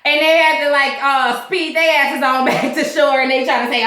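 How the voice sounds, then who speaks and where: A woman hosting a casual TV episode recap, talking in a profane, animated way and laughing often. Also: high voice, fast talker. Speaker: host of a TV recap show. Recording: echoey room.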